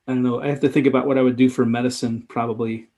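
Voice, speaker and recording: A man's voice: mid-range voice, flat delivery, racing, a little mellow. A man giving live commentary in a drawing tutorial, talking casually and thinking aloud as he sketches. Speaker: sketchnoting instructor.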